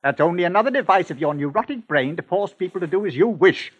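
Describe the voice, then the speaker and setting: An actor playing a firm, patient village masseur who calls himself a doctor, in measured 1940s radio acting from an old broadcast. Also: male voice, high-pitched, expressive, breathy edge, dull audio. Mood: calm. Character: calm, firm country masseur posing as doctor.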